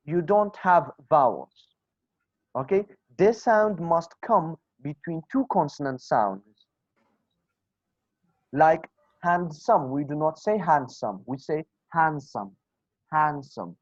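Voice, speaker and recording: Over a video call with dull, lo-fi sound and no room echo, a man with a fairly high voice runs an online English lesson. His first language is Kurdish, and he repeats words for practice while asking and answering his own questions.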